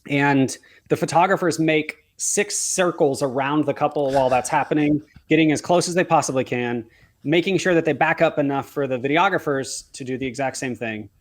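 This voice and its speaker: A man's voice: fairly high pitch, a little fast. A man, a wedding photographer, telling a heartfelt story as a podcast guest, earnestly acting out the dialogue he quotes.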